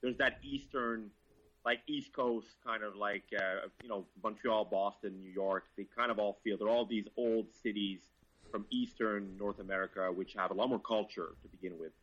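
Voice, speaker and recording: A man's voice: on the low side, normal speed, breathy edge, dull audio. A man, a guest car reviewer, telling stories in casual chat with lots of laughs and swearing. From Quebec, Canada. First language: French. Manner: laughing, profane, animated storytelling.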